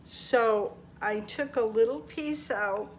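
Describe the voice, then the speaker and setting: Slow, homey older woman. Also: on the high side, a little hiss or hum. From Maine. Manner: homey, chatty, talks viewers through each step. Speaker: home cooking vlogger. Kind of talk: casual cooking demonstration. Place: home kitchen.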